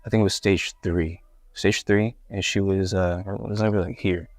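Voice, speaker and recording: A young Puerto Rican man, a guest hip-hop artist, tells his life story in a casual interview, candid and rambling with lots of restarts. His voice sits low with fairly even intonation at a normal speed, recorded at studio quality with no echo.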